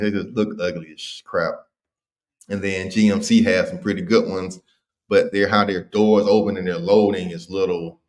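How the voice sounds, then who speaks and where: A man hosting a casual livestream, talking in slang and reading viewer comments aloud. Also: low voice. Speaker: livestream host.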